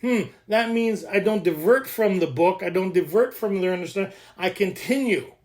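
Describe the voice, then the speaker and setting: A man leading a recovery workshop, joking, excitable and laughing often as he explains the reading. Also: high voice, moderate pace. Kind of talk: animated teaching talk.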